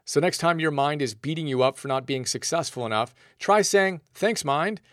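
A man's voice: on the high side, animated, brisk, fairly bright tone, dry recording, clean studio sound. A man narrating a self-help book summary in an upbeat, playful way.

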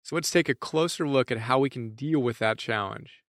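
A man's voice: mid-range voice, normal speed, fairly bright tone, no echo. Earnest man narrating a lesson, dry. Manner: earnest, reflective, asks listeners questions. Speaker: teacher presenting book ideas.

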